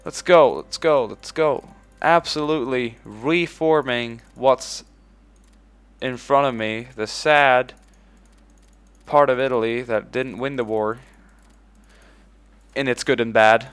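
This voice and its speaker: A man commenting casually on his own strategy game playthrough, swearing freely, bursting out with "boom" and ordering his in-game troops around. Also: slow, smooth. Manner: excitable, swears casually, shouts "boom" when giving orders; talks to in-game units as if they were his troops. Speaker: let's play host.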